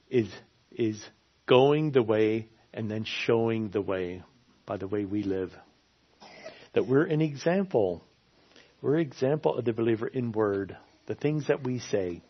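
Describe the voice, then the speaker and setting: A man preaching a sermon with an earnest, repetitive delivery. His voice sits at a middle pitch. The recording is slightly dull and lo-fi. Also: breathy edge. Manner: earnest, repeats phrases for emphasis.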